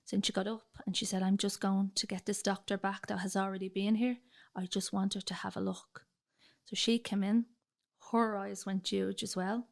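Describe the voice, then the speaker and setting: A young woman from Dublin, Ireland, shares her personal story as a podcast guest in a chatty way, acting out conversations and dropping fillers like "like." She speaks at normal speed in a creaky, medium-pitched voice with flat delivery.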